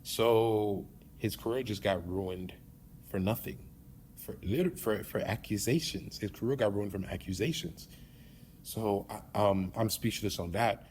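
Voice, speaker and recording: A man's voice: fairly low pitch, a little slow, darkish tone, slight background noise. A man hosting a podcast in casual sports talk, emphatic and opinionated, often repeating his points. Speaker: podcast host.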